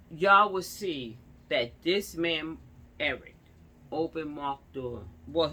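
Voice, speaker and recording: A woman's voice: low voice, bright, forceful tone, a little hiss or hum. A young woman, ranting and telling a story in casual street slang, acting out the people she quotes. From New York. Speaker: vlogger.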